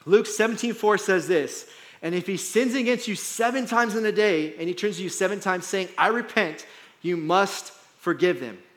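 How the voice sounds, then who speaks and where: A man's voice: high voice, moderate pace, a bit bright. A male pastor giving a sermon in a conversational style, often checking in with "right?" and "like". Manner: conversational preaching with frequent "right?" and "like". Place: church hall.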